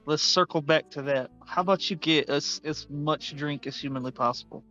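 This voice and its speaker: A tabletop player calmly describes their character's actions. The mic sounds slightly dull, with faint guitar music behind. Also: medium pitch, moderate pace. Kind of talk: casual tabletop play.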